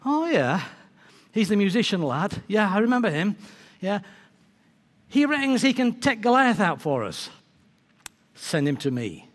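A man's voice: sits high, sing-song, measured pace, pauses often. Saul, a preacher playing a doubting sarcastic king. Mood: casual. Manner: sarcastic, dismissive. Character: doubtful middle-aged king, dry and sarcastic. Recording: long reverb of a large hall.

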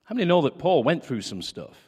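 A male preacher delivering a conversational sermon, acting out quoted dialogue with animated swings. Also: fairly high pitch, brisk, breathy edge. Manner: lively, conversational, acts out quotes. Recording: reverberant hall.

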